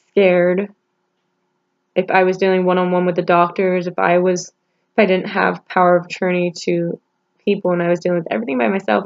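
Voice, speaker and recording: A woman talking haltingly in a personal vlog, holding back tears, with many pauses and restarts. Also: lowish voice, gravelly, highs cut off. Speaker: vlogger.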